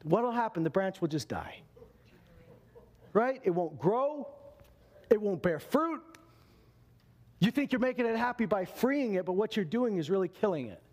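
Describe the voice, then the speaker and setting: Guy preaching a sermon, pretty high voice, animated, acts out the quotes. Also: normal speed. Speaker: pastor.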